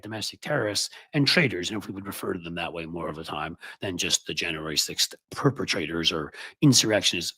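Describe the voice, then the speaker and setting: A man's voice: fairly low pitch, a bit bright, husky, no echo. A man hosting casual political commentary, full of sarcastic, mocking asides.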